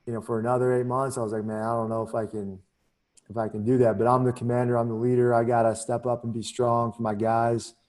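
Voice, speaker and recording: A man's voice: mid-range voice, level tone, quick pace, a little mellow. A middle-aged man, a former Army captain, telling a candid story in a casual interview, full of "you know" and "man.".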